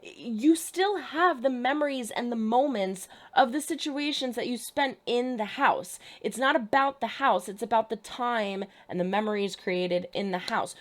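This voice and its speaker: A woman's voice: fairly high pitch, a little slow, hardly any pauses. A young adult woman hosting a reaction channel, talking through a TV episode in an emphatic, exasperated way. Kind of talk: casual TV reaction commentary.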